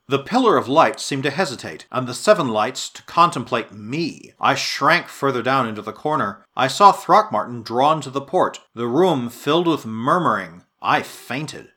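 A man reading a story aloud as narrator, with lively, expressive delivery and dramatic swells. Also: medium pitch, moderate pace, hardly any pauses. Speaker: audiobook narrator. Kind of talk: scripted narration.

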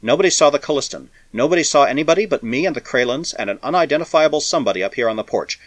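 A man's voice: mid-range voice, sing-song, a little fast, a bit bright, dry recording. A man reading aloud and voicing a weary, battered male spacer who talks harshly and urgently.

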